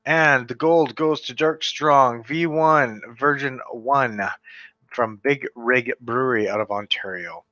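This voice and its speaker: A man's voice: on the high side, pushed and bright, no echo. A hungover man in a casual vlog, reading award results with rambling, wry asides. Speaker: beer reviewer. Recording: dull, slightly lo-fi sound.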